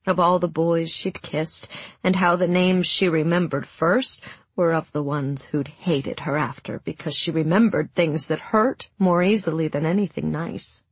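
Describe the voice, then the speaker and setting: A woman narrating a story in a hushed, emotive reading that sinks to near whispers, with a breathy voice. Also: fairly low pitch, no room sound. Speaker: audiobook narrator. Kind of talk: scripted narration.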